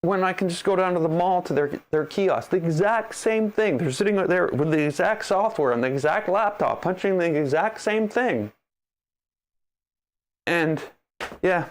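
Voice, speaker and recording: A man hosting a maker livestream, chatting casually and telling stories with an animated, ranting manner. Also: sits high, normal speed.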